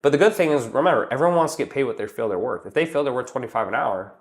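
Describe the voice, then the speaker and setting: A man's voice: mid-range voice, expressive, very fast. Blunt, swearing male business coach. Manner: blunt and emphatic, swears, calls listener "bro"; walks through numbered steps, often tags "right?". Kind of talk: casual advice talk.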